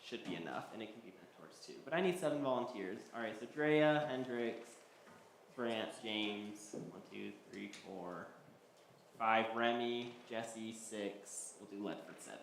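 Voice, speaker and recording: A man's voice: fairly low pitch, lively intonation, unhurried, vocal fry. A man teaching a Bible study class, talking loosely with many ums and restarts. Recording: echoey hall, faint background noise.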